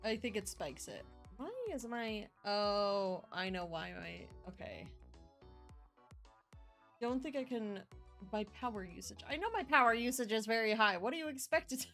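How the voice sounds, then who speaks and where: A woman's voice: medium pitch, measured pace, a bit bright, soft background music. A playful young woman streaming a game, chatting casually and humming along. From US West Coast. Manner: playful, bubbly, hums and voices characters. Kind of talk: casual gameplay commentary.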